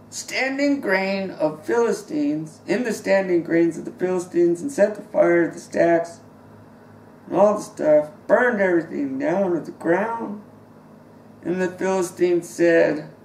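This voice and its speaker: Slow, dramatic preacher man, echoey hall. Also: high voice, a little hiss or hum. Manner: dramatic, swings between loud outbursts and quiet asides; acts out biblical characters in voice. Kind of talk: sermon. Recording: roomy echo, distant mic.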